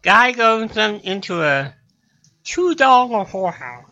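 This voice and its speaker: A man's voice: sits high, very animated, bright, forceful tone, dull audio. A man, a guest comedian, telling long jokes in a studio chat and dropping into character voices for the punchlines. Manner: drawn-out joke delivery with character voices. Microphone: studio microphone.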